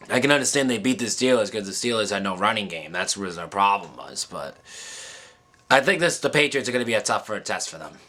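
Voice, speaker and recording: A man talking casually to camera about football picks, halting with many pauses and restarts, and choked up at times. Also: mid-range voice, sharp tone. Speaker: sports vlogger. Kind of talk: casual emotional monologue.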